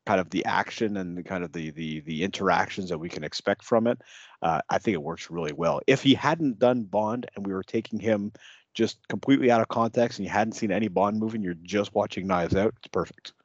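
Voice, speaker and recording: A male podcast co-host with a very low voice, talking about a film in halting, hedging phrases. The recording is dry and slightly dull, with no room sound. He stops and restarts often. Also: dry recording. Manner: halting, with frequent restarts and hedges. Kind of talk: casual film review chat.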